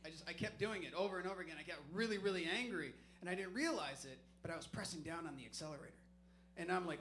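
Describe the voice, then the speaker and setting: High, bright-voiced stand-up comic. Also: male voice, quick pace. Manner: profane, rambling, self-deprecating. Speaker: stand-up comedian. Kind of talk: stand-up comedy storytelling. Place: comedy club stage.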